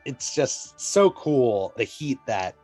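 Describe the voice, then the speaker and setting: A man hosting a casual podcast, excitedly plugging upcoming events. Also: medium pitch, takes it slowly, soft background music. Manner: excited, promotional, says "you know" a lot. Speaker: podcast host.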